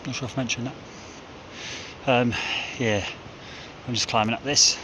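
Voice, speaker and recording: A man's voice: mid-range voice, fairly even intonation, normal speed, background noise. A man with a New Zealand accent rambling casually to his phone camera while climbing a mountainside, out of breath and dehydrated, swearing often. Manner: rambling, frustrated, swears a lot. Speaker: hunting vlogger. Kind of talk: casual outdoor vlog. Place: outdoors on a mountainside.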